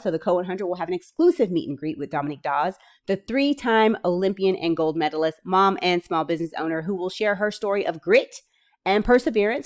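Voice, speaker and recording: A woman with a fairly low voice reads a list of grant benefits aloud. She keeps stopping to add casual, enthusiastic remarks to her viewers. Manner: enthusiastic, chatty asides, bursts of excitement. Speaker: small business funding vlogger. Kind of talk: reading out grant details with casual commentary.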